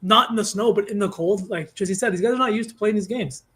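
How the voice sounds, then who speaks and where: A man co-hosting a sports betting show in casual chat, measured and analytical. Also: high voice, fairly bright tone, slightly rough.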